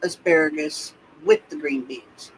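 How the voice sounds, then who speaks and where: A man's voice: a little high, a little slow, slight background noise, rough recording. A man co-hosting a casual chat, mostly chiming in with short agreeing remarks. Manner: brief agreeing interjections.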